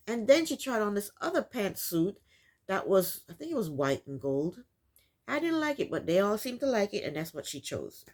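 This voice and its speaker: A woman casually recapping a reality TV episode, opinionated and repetitive, with frequent ums. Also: fairly low pitch. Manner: opinionated, many ums, repeats points.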